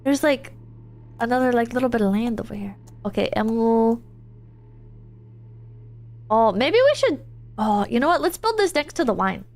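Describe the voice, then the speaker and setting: A woman's voice: a little high, animated, moderate pace, long pauses, a little mellow. A woman streamer chatting casually while gaming, telling a rambling story full of "like" and restarts.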